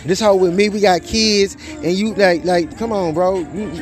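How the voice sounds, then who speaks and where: A young man with a high voice tells a long story in loose, casual talk, full of cursing and stalls. He keeps circling back with "you know what I'm saying." Faint music plays low behind him. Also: steady tone, normal speed. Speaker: father telling his side of a custody dispute.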